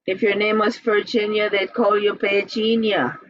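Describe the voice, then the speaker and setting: A woman teaching a language class, breaking words into syllables and repeating them slowly and patiently. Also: medium pitch, level tone, no room sound, lo-fi sound. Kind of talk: slow, patient classroom instruction.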